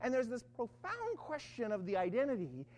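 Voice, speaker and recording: A Bible teacher giving an animated study talk, often checking in with listeners and acting out the quoted lines. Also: medium pitch, normal speed, long reverb tail.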